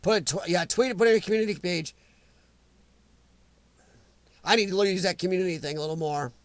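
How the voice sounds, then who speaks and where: A man's voice: high voice, racing, no echo. A middle-aged man, hosting a casual live chat, teasing and joking with commenters. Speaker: livestream host reading chat.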